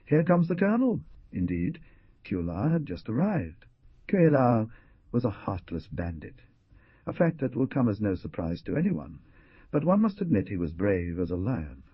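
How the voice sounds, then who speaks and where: Husky low-voiced man narrating. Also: sing-song, normal speed, no room sound, dull audio. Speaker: audiobook narrator. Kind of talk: scripted narration.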